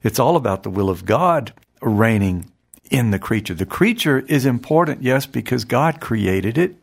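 A man reading a devotional text aloud and explaining it in an earnest, measured way, often repeating phrases. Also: mid-range voice, lively intonation, creaky, slightly rough. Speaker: spiritual teacher.

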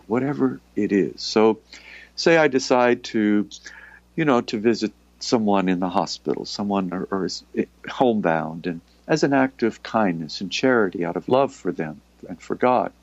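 A man reads a devotional text aloud and adds his own gentle, reflective commentary, often slipping in "you know" as he explains. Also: fairly low pitch, dry recording. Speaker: spiritual teacher. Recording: dull, lo-fi, dry recording.

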